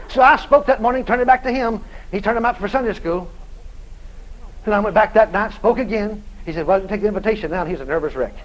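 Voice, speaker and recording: A man preaching, telling a story with lively dialogue and loud shouted prayers. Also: high voice, rough recording. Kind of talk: sermon storytelling.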